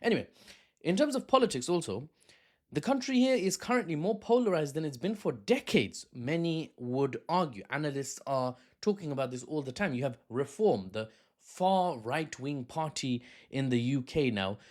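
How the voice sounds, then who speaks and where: A man's voice: fairly high pitch, big pitch swings, normal speed, darkish tone. A man from the United Kingdom giving casual, sarcastic news commentary, rambling with fillers and restarts.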